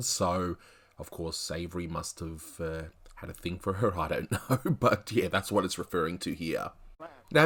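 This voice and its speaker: A man's voice: low voice, a bit bright. A man talking through a review of an old cartoon, in a conversational way with asides and hedges. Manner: conversational, thinking aloud with asides. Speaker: animation reviewer. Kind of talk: video review commentary.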